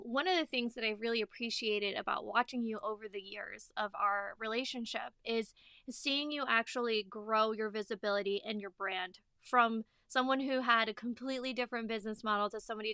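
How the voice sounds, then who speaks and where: A woman's voice: on the high side, fairly even intonation, brisk, clean tone, no room sound, studio quality. A woman hosting a business interview, speaking in an encouraging, heartfelt way. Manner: warm, emotional, encouraging. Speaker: host.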